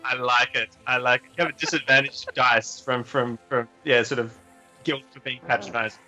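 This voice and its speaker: A man's voice: mid-range voice, fairly even intonation, normal speed, pushed and bright, faint music behind, rough recording. A man narrating and running a tabletop game as game master, amused and encouraging. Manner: amused, encouraging, reads out rules.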